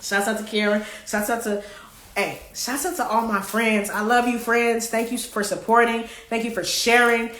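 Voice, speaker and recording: A woman's voice: on the high side, flat delivery, normal speed, a bit bright. A woman hosting a live card game, reading questions aloud in a playful way and singing bits of songs. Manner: playful, sings song snippets, reads cards aloud. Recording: echoey room.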